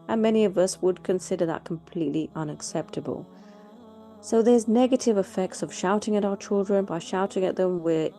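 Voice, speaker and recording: A woman giving a calm, measured talk on parenting, explaining things gently and reflectively. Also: on the low side. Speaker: parenting educator.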